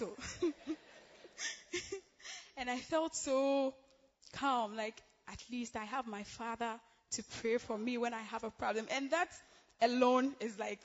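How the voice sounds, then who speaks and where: A young woman giving a church testimony, chatty and giggly, her voice a little high. The sound is dull and rings through a large hall with a long reverb. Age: young adult. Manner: chatty, giggly, with many fillers. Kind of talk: emotional spoken testimony.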